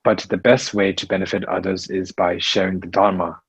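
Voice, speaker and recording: Slow, halting man teaching Buddhism. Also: low-pitched, flat delivery, breathy edge, no echo, muffled recording. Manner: slow, halting, with many fillers and restarts. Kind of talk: Dharma teaching in English.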